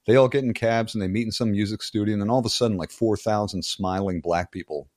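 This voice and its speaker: A man's voice: on the low side, fast talker, a little mellow, dry recording, clean studio sound. A man in his sixties from the Philadelphia area, telling stories in a casual interview with a wry tone and frequent laughs. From Philadelphia area, United States. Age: 60s. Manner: wry, storytelling, laughs often. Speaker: interview guest, author.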